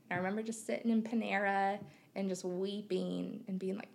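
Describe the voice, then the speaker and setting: A woman's voice: medium pitch, fairly even intonation, fairly quick, vocal fry. A woman in her thirties from Missouri, speaking as a podcast guest with open, reflective talk and frequent fillers. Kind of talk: candid conversational interview.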